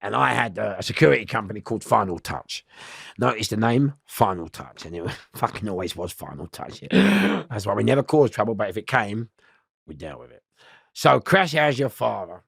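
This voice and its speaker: A man telling a prison story in an interview, animated and swearing, acting out voices and laughing often. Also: lowish voice, normal speed, vocal fry, breathy edge, no echo, studio quality. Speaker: interview guest.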